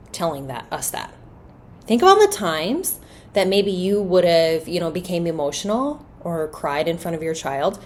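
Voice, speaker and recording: Earnest woman hosting a parenting podcast. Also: medium pitch. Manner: earnest, conversational, asks rhetorical questions. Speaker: podcast host. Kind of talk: solo podcast monologue on parenting.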